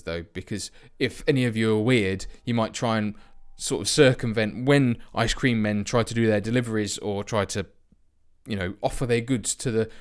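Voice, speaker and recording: Sarcastic man ranting over a game. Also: medium pitch. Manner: sarcastic, ranting, swears for comic effect. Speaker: let's play host. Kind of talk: game commentary.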